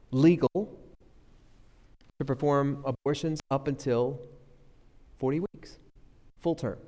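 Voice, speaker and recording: A man preaching a sermon as pastor, swinging between loud emphasis and quiet asides. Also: mid-range voice. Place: church sanctuary. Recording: echoey hall reverb.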